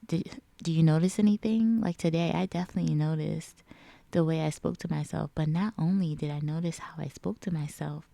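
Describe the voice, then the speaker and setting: A woman's voice: sits low, gravelly, warm tone, no room sound. A woman in a casual reflective vlog chat, rambling with lots of filler words. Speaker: vlogger.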